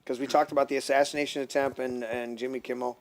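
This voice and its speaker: A man's voice: medium pitch, little pitch movement, quick pace. A man hosting a casual political chat show who rambles, jokes and sometimes loses his train of thought. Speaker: podcast host.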